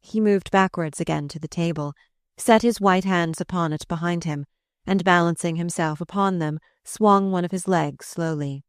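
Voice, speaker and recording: A woman narrating a novel aloud in a measured, subdued reading voice. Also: on the low side, clean tone, no room sound, clean studio sound. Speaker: audiobook narrator. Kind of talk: scripted narration.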